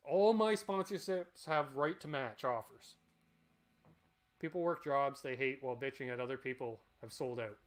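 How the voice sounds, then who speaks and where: A man's voice: mid-range voice, moderate pace. Blunt, rambling guy in his forties. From Canada. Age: 40s. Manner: rambling, blunt, swears freely. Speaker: channel host. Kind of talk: casual livestream Q&A.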